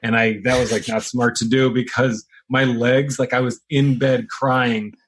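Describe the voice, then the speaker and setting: A man's voice: medium pitch, little pitch movement, a little slow, slight background noise. Rambling male comedian telling road stories. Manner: rambling, self-deprecating storyteller. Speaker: guest comedian. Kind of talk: casual chat, storytelling.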